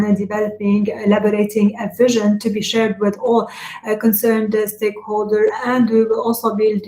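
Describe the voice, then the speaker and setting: A woman interprets a webinar live and relays each speaker in turn. Her delivery halts often, with filler sounds and restarts. Her mid-pitched voice is mellow and sits in a roomy, echoing space. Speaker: simultaneous interpreter.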